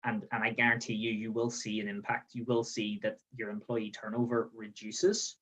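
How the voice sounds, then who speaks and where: A man's voice: lowish voice, flat delivery, normal speed, fairly bright tone, poor audio. Man presenting an upbeat training webinar. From Northern Ireland. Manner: explanatory, repeats "okay?" as a check-in. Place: outdoors in the sun.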